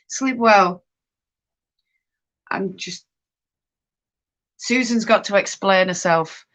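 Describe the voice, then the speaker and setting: A woman's voice: medium pitch, extremely slow, pauses often, a bit bright. A woman hosting a casual live stream from home while knitting. She chats and reads viewer comments aloud, reacting to them as she goes. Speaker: livestream host.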